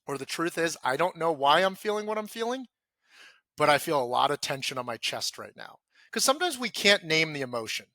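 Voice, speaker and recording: Earnest man with a bright, forceful voice. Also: big pitch swings, a little fast, no echo. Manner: acts out his own inner self-talk, drops soft and low for quoted feelings. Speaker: podcast guest, coach. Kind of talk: earnest podcast conversation.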